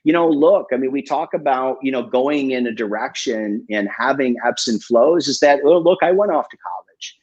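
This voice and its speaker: A man's voice: medium pitch, lively intonation, normal speed, hardly any pauses, a little mellow, slightly rough. Candid, profane man telling his story. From Michigan, USA. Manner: candid and profane, with many fillers. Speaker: guest coach. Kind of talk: casual storytelling in a live interview. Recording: dull lo-fi online stream.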